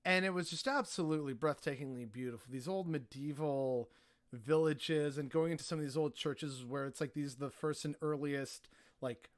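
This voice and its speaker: A man's voice: on the high side, clean tone. A man telling travel stories as a podcast guest, rambling casually and filling his talk with "like" and "you know". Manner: rambling, heavy on filler words like "like" and "you know".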